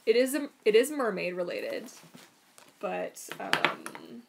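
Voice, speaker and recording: A woman's voice: medium pitch, wildly swooping pitch, slow, gravelly, heavy background noise. A woman casually answering viewer questions on a live stream, chatty and rambling, unwell with throat trouble. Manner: chatty, rambling, soothing her dog in whispers.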